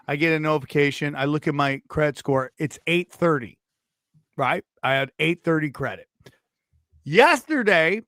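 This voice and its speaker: A man's voice: a little high, no echo, studio quality. A man co-hosting a comedy podcast, telling a story in casual chat and putting on voices for the people in it. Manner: animated, puts on voices for people in his stories. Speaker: podcast co-host.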